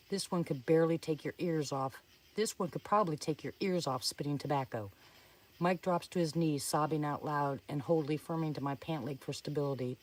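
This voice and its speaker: A woman's voice: sits low, a little mellow. Storyteller woman, earnest suspense reading, some distance from the mic. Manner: earnest, suspenseful telling with small slips and restarts. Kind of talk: reading a first-person story aloud.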